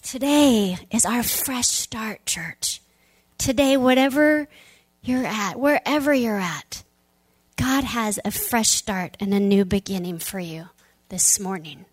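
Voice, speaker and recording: A woman pastor preaching a sermon, telling the story with animated delivery and dropping into soft, near-whispered moments. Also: a little high, takes it slowly, breathy edge, dry recording.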